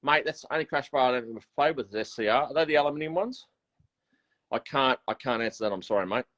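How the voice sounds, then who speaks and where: An Australian man hosting a casual online catch-up, telling stories with quick laughs and lots of restarts. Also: medium pitch, expressive, a bit bright. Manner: chatty storyteller, quick and laughing, many restarts. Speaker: host. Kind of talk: casual chat. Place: home workshop. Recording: lo-fi video call audio.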